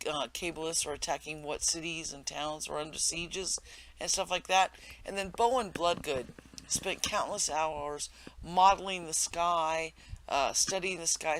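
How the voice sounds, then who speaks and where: Man, casual gameplay commentary, bright edgy tone, slightly high voice, lots of ums and uhs. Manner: rambling, many fillers and self-corrections. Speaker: game tutorial narrator.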